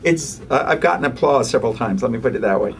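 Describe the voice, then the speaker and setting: A man, a pediatrician and interview guest, who talks animatedly and acts out quick voices for parents and toddlers. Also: mid-range voice, lively intonation, recorded from a distance, slight background noise. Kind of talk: conversational interview.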